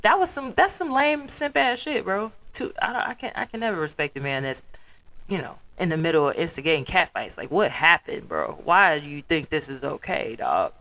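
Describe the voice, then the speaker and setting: A woman's voice: sits low, normal speed. A young woman from the South Side of Chicago with a Chicago accent, hosting her own podcast as a blunt, profane solo rant that slips into mimicked quotes. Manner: profane, blunt, animated storytelling with put-on quotes. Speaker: podcast host.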